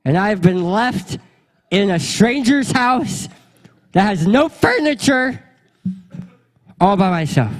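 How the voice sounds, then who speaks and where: Young pastor guy, high voice, jumpy comic storytelling, big hall echo. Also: sing-song, slow pace, pauses often. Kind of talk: storytelling sermon.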